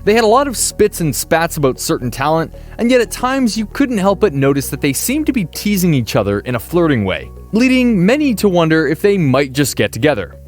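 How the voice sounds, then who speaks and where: A man's voice: a little high, very animated, brisk, hardly any pauses. A man narrating a countdown video in a chatty, playfully emphatic way, with faint music behind him. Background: faint background music.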